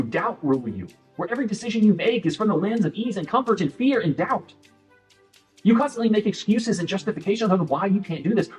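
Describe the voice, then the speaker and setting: Male motivational speaker, high-pitched voice, blunt and profane, faint music underneath. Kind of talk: motivational monologue.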